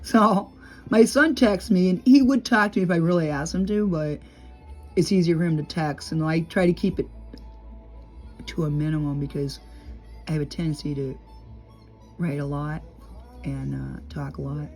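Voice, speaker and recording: A middle-aged woman talking casually to camera from home, rambling and chatty, laughing often and sometimes dropping low and quiet. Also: normal speed, pauses often, soft background music. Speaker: vlogger.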